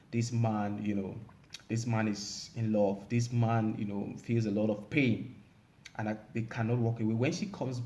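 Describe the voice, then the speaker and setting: A man's voice: fairly low pitch, gravelly, mellow, a little hiss or hum. A man giving relationship advice in a casual monologue, rambling and emphatic, with many fillers.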